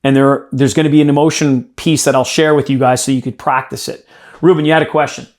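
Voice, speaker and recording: A man's voice: mid-range voice, level tone, quick pace. A man running a live sales training, coaching a group emphatically and addressing them directly.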